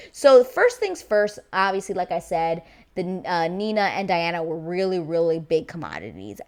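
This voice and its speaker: A woman giving a chatty, unscripted review of a reality show, full of fillers and restarts. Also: fairly low pitch. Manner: animated, chatty, lots of fillers. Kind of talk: casual vlog review.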